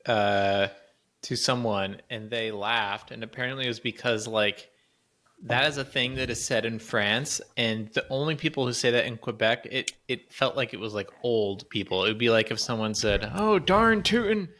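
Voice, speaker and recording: Bright-sounding guy rambling about a trip, laughs a lot, casual podcast chat. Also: fairly low pitch, steady tone, normal speed. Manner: chatty, rambling, laughs often. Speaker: podcast co-host.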